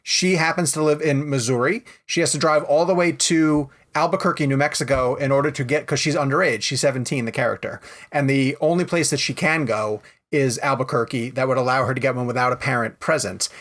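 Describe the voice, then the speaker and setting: A man hosting a casual movie podcast, telling long rambling stories in an animated way. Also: medium pitch, a little fast. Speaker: podcast host.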